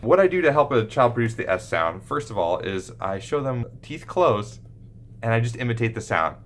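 A man's voice: medium pitch, animated, moderate pace, a little hiss or hum. A man, a pediatric speech therapist, explaining and demonstrating speech sounds to camera. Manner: demonstrates sounds and lisps with exaggerated examples. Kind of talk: instructional talk to camera.

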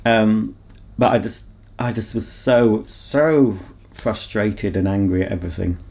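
Male vlogger with a low, warm voice; candid, rambling, self-reflective delivery. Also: fairly even intonation, a little slow, gravelly. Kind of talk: casual chat to camera.

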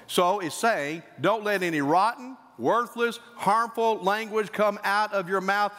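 A male pastor preaching a sermon, swinging between emphatic high points and quieter asides. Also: a little slow, few pauses. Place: church sanctuary. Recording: church hall reverb.

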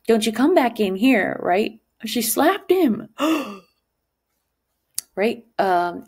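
A woman teacher talking her class through a lesson in an animated way. She keeps checking in with a rhetorical "right?". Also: gravelly, slightly rough. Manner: acts out quoted lines with sudden pitch jumps.

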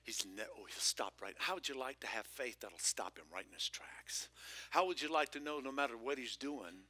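A man preaching a lively sermon as pastor of a church, shifting between loud exclamations and hushed whispers with playful asides. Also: medium pitch, normal speed, dry recording. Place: church sanctuary.

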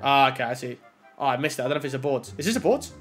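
A young man talking straight into a desktop mic, middle-pitched, with a voice that swings widely up and down. His casual commentary turns excitable, with yelps and pleading as reveals land. Faint game music plays underneath. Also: very fast. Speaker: gaming YouTuber.

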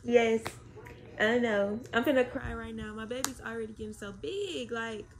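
Gravelly mother cooing to her baby. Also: fairly high pitch, normal speed, background noise. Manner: coos and talks to her baby, repeating words in a playful sing-song. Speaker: young mother on a livestream. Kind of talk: casual livestream chat with her baby. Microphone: phone livestream.

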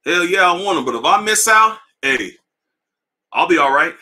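A man voicing an unbothered, wealthy sneaker collector who talks in a relaxed, shrugging drawl. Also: high voice, normal speed, heavily acted.

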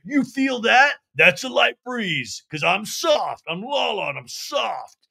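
A man putting on a brash, boastful reality-TV woman who yells and swears with swagger. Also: high-pitched, very animated, takes it slowly, gravelly, slightly rough, voice pushed up, exaggerated voice. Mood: defiant. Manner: yelling, swaggering, profane.

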